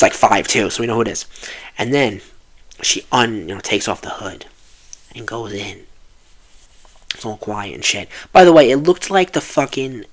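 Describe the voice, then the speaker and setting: Man, mid-pitch, swearing film reviewer in full rant; exasperated, restarts often. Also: a bit bright.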